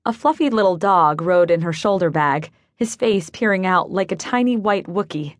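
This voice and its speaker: A woman reading a cozy mystery in first person, even and clear, close to a studio mic. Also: lowish voice, moderate pace, few pauses, no room sound. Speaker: audiobook narrator. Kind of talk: scripted first-person narration.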